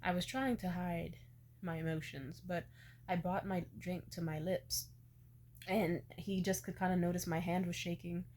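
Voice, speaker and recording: A woman's voice: lowish voice, fairly even intonation, normal speed, darkish tone, a little hiss or hum. A young woman in her twenties telling a personal story in a casual way, candid and emotional, swearing freely. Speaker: vlogger.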